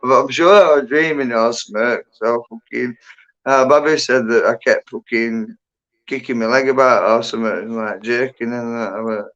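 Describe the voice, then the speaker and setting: Over dull, lo-fi stream audio, an English guest chats casually and tells stories in a steady, fairly bright, medium-pitched voice at normal speed. His talk is full of swearing, and he often finishes sentences with "and that."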